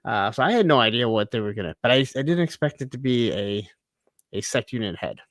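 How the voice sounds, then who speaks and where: A man co-hosting a casual TV recap chat, thinking aloud with fillers and quick asides. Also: mid-range voice, lively intonation, dry recording, clean studio sound. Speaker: podcast co-host.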